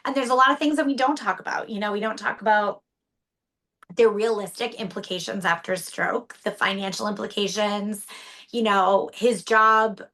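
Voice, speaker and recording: A woman's voice: medium pitch, normal speed, pushed and bright. A woman in her thirties, partner of a stroke survivor, speaking candidly and emotionally in an interview, with frequent restarts. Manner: candid, tearful at times, many restarts.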